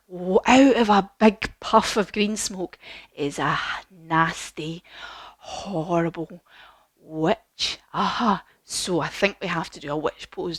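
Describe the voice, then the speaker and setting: A woman leading a children's yoga class as a story, animated and encouraging, with gasps and questions. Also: medium pitch, no echo. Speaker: kids yoga teacher.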